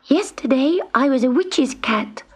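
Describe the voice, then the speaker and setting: A woman's voice: expressive, a little slow. A woman playing a timid little boy kitten. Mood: wondering. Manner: high, earnest and anxious. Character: timid young male witch's kitten. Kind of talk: storybook tape reading.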